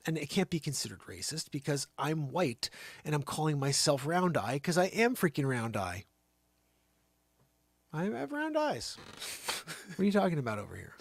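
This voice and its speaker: A man hosting his own livestream and riffing an improvised comedy bit, lurching from loud outbursts down to near-whispers. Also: mid-range voice, lively intonation, normal speed, no echo, studio quality. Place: home studio.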